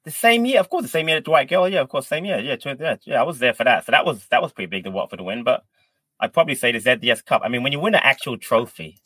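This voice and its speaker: A man's voice: mid-range voice, very animated, fast talker, fairly bright tone, breathy edge, no echo. A man co-hosting a casual football podcast, talking hesitantly and thinking aloud with frequent ums. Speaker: podcast co-host.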